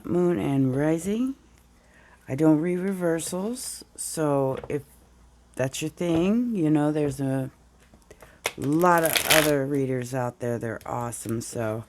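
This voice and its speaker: A low-voiced woman gives a casual, wandering tarot reading, with a slight hiss or hum in the audio. Feeling somewhat unwell and groggy from the morning, she describes the cards as she draws them.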